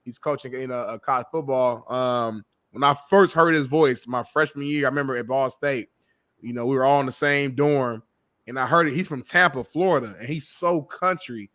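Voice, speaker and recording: A man's voice: mid-range voice, moderate pace, dry recording, studio quality. A man co-hosting a casual sports talk show, telling stories with lots of laughter. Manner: laughs often, animated storytelling. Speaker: co-host.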